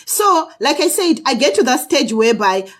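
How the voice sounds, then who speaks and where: A woman vlogger telling her personal story to camera in an earnest way, often pausing to ask "okay?" of her viewers. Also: high voice, very animated. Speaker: vlogger sharing personal experience.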